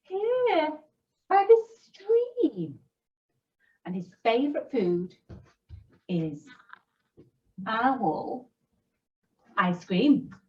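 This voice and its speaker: A woman voicing a small, clever male mouse, in a bright and plucky manner. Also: fairly high pitch, sing-song, extremely slow, pauses often, far from the mic, dull audio, full character voice.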